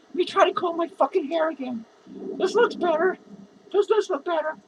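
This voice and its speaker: A man's voice: very high-pitched, a bit bright, poor audio. A man voicing a drunk, rambling, self-pitying male clown who slurs, swears and giggles through his words. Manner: slurred, rambling, profane, giggling. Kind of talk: comedic character monologue.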